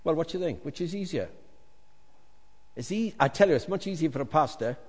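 Male pastor, fairly high voice, animated preaching in a big echoing hall. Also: fairly quick, slightly rough. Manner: animated, jokey asides, swings from loud to hushed. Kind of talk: sermon. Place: large hall with congregation. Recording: long reverb of a large hall.

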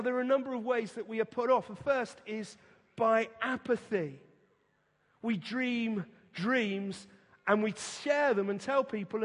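A middle-aged man preaches to his congregation with a notably high voice, taking his time over each phrase. He repeats words for emphasis and presses his points home earnestly. His voice carries a long reverb from the church hall. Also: a bit bright. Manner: earnest, emphatic, slow and deliberate delivery. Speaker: pastor. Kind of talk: sermon.

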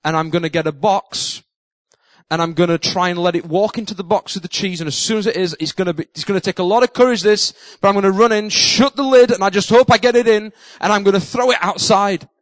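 Man telling a story, high-pitched. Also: quick pace, no echo, poor audio. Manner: animated, self-mocking storyteller who acts out his own panic. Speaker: preacher. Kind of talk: sermon storytelling.

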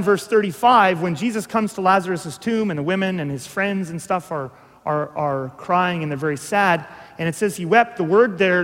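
Male preacher, high register, casual teaching sermon with big dynamic swings, recorded in a reverberant hall. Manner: conversational, swings from hushed to emphatic.

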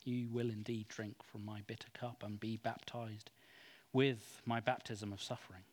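A man reading the lines of Jesus as a calm, grave male teacher, speaking in a hushed, measured way. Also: lowish voice, voice pushed down, natural voice. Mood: solemn. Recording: long hall reverb.

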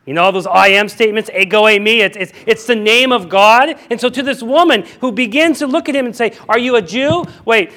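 A male pastor preaching a sermon, animated and emphatic, often repeating himself as he explains scripture. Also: high-pitched, a little fast, hardly any pauses.

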